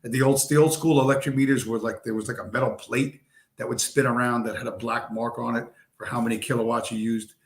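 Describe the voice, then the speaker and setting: A man's voice: medium pitch, fairly even intonation, fast talker. A man hosting a casual live stream, telling a long story in a rambling, profane way, full of fillers and asides. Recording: roomy echo.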